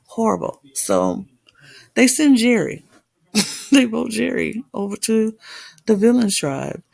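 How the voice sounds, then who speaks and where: A woman co-host talks through a reality-show episode in a gravelly voice, emphatic and heated. Her pitch swings widely as she talks. The sound is dry and close, with little room around it. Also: sing-song, slow pace, darkish tone, no echo. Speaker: podcast co-host. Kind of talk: casual reality-TV recap chat.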